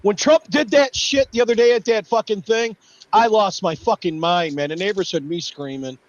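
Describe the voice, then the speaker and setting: A man's voice: high voice, moderate pace, no room sound, muffled recording. A man hosting a livestream, ranting angrily and swearing nonstop at politicians. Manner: furious, swearing, shouting at politicians. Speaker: livestream host. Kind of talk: angry profane rant.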